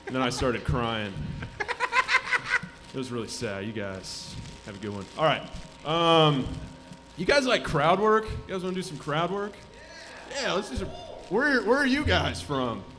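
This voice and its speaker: During a live stand-up set at a comedy club, this man in his twenties talks a little slowly in a higher-pitched voice. His delivery is deadpan, with mumbled asides that suddenly break into shouted characters.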